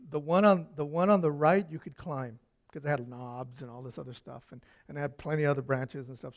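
A man preaching a sermon, telling personal stories with lively acted-out voices, swinging from soft asides to shouts. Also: a little high.

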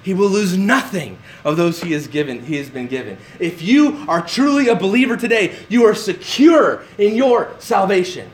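A man's voice: high-pitched, lively intonation, moderate pace, hardly any pauses, slight background noise. A man preaching a sermon, emphatic and repeating words for stress. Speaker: pastor.

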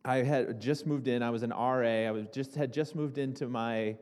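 A man's voice: medium pitch, fairly even intonation, moderate pace, darkish tone. A young man preaching a sermon to a congregation, talking casually with restarts and asides. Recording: reverberant hall.

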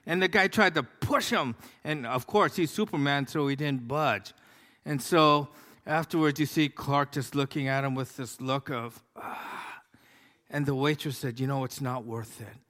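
A man's voice: medium pitch, fairly bright tone. Man preaching in a reverberant hall. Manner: conversational, storytelling with many fillers. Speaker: pastor. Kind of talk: sermon. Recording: long reverb of a large hall.

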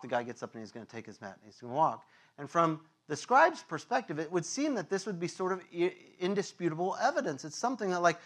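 A male pastor preaching a sermon, telling an animated story that acts out voices and sound effects, with many fillers and laughs. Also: sits high, brisk.

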